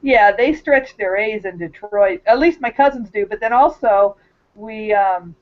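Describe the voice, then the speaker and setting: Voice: medium pitch, unhurried. Chatty person rambling along in a group call, muffled lo-fi sound. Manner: rambling, restarts sentences. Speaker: podcast discussion group member. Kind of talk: casual group chat. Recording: lo-fi call audio.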